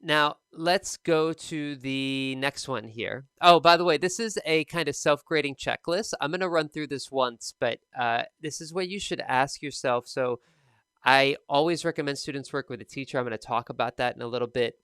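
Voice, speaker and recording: A man teaches an exam lesson in a loose, conversational way, dotted with fillers. His voice is bright and smooth. It sounds close and dry, with no room in it. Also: medium pitch, normal speed, no room sound. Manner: casual and conversational, many fillers. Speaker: TOEFL speaking teacher. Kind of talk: recorded lesson giving feedback.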